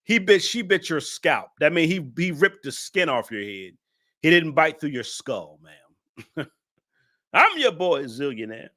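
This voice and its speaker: A man's voice: mid-range voice, pushed and bright. A man hosting a live stream, laughing as he roasts a viewer in loose, slangy casual talk. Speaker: live-stream show host.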